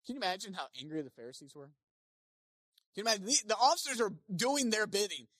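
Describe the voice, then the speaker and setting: A pastor preaching a sermon, animated, swinging between loud emphasis and quiet asides, and acting out the people quoted. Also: mid-range voice, fast talker, no room sound, studio quality. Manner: acts out quoted speakers in playful voices.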